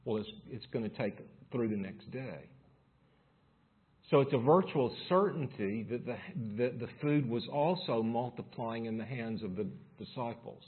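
Man preaching, reading scripture with rising force, slightly husky voice, narrow tinny sound. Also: mid-range voice, expressive, moderate pace. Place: church service room.

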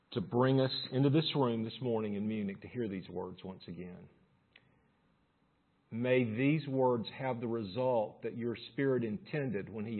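Heard over phone-quality audio in a church service room, a man with a husky, lowish voice preaches a sermon. He reads scripture aloud, building force as he goes.

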